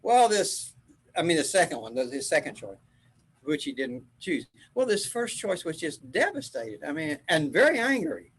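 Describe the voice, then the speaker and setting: Rambling older man with a husky voice. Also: on the high side, big pitch swings, moderate pace, poor audio. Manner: rambling storyteller with frequent laughs. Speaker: spiritual teacher. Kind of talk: casual group chat.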